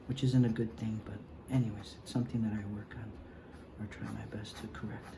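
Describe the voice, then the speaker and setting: A man's voice: lowish voice, flat delivery, a little fast, vocal fry, reverberant, noisy background. A man teaching an eighth-grade art class, giving feedback in an encouraging way and talking through his drawing, often trailing off to a mumble as he works. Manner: encouraging, repeats "okay?" and "guys"; talks while drawing, often drops to a mumble. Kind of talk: recorded drawing lesson.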